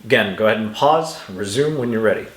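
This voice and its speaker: A man's voice: on the low side, lively intonation, fast talker, roomy sound. A man teaching English punctuation, walking through example sentences patiently and reading them aloud with exaggerated intonation. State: dry throat, clears it now and then. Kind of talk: instructional walkthrough.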